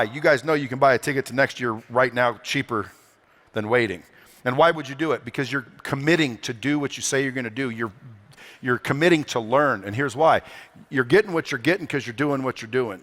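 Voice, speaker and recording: A man's voice: medium pitch, a bit bright. A man giving a motivational talk on stage at a conference, brash and profane, firing rhetorical questions at a live audience. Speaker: conference speaker.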